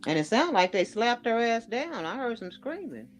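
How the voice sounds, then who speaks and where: A woman's voice: fairly high pitch, big pitch swings, moderate pace, soft background music. Woman co-host chiming in. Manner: chimes in with short reactions. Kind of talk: casual chat.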